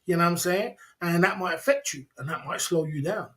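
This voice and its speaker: A man's voice: high-pitched, brisk, a bit bright. A man hosting a livestream, talking casually and emphatically, repeating himself and laughing often. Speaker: livestream host.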